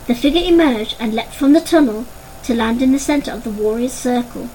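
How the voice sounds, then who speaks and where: A woman narrating a children's storybook in an expressive, dramatic way. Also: on the high side, moderate pace, a little hiss or hum, rough recording.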